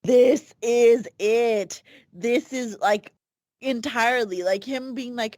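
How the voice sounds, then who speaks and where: A woman co-hosting a podcast, reacting excitedly in casual chat, with lots of filler words. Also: on the high side, unhurried, no echo, studio quality. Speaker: podcast co-host.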